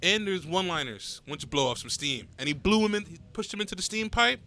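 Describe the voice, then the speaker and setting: A man's voice: high-pitched, expressive, quick pace, pushed and bright. A man co-hosting a casual podcast with loose, slangy banter.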